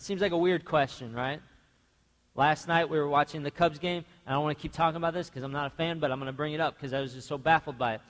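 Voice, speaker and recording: A man preaching a sermon in a church, passionately acting out the people in the story he tells. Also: a little high. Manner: impassioned, acts out biblical speakers. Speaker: pastor. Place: church sanctuary. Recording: church sanctuary with long reverb.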